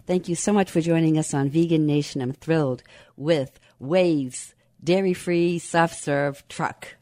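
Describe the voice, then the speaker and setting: A woman's voice: low-pitched, unhurried, warm tone, no room sound. A woman, hosting a radio interview show with brief, courteous remarks.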